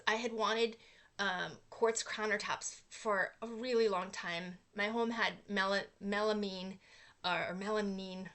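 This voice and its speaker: Bright-voiced woman telling a story. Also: medium pitch. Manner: earnest storytelling with fillers, animated when acting out quotes. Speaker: host. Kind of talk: casual inspirational talk.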